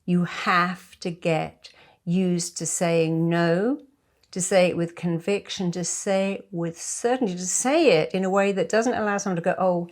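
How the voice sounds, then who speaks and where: A middle-aged woman hypnotherapist giving a lively motivational talk to camera, acting out bits of dialogue as she goes. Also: on the low side, measured pace. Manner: lively, acts out quoted dialogue.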